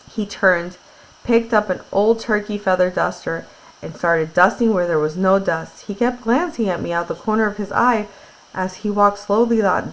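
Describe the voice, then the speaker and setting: A woman teacher with a mid-range voice reads a book aloud to her class, then retells it in plain, casual words with fillers. The recording is rough.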